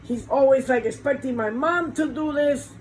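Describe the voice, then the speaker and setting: A woman's voice: high voice, normal speed, darkish tone, slight background noise, lightly acted. A woman voicing a scheming young man plotting to trick his brother, speaking in an eager, plotting way.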